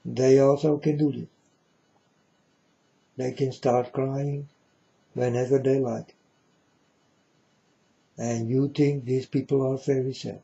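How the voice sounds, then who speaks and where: Slow, gravelly, dark-voiced man preaching. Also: medium pitch, little pitch movement, dull audio. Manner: emphatic, repetitive, keeps checking the listener understands; non-native, broken English grammar. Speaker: speaker addressing viewers. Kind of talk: preachy spoken monologue.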